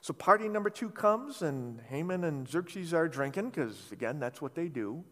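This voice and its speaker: Male preacher, high and lively voice, animated storyteller, big hall echo. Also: normal speed. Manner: animated storytelling, playful asides. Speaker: pastor. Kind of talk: sermon.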